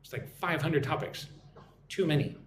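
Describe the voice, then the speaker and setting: An American man teaching English in a live online lesson, repeating example phrases slowly and clearly for learners. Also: fairly high pitch, echoey room, background noise. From United States. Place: at home.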